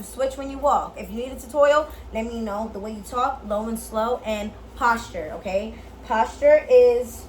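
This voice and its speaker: A woman vlogger giving a casual tutorial straight to camera. She is playful and blunt, swears a lot and uses slang, and at times drops into a low, slow sultry voice to demonstrate. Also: fairly bright tone, slight background noise, rough recording. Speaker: beauty and lifestyle vlogger.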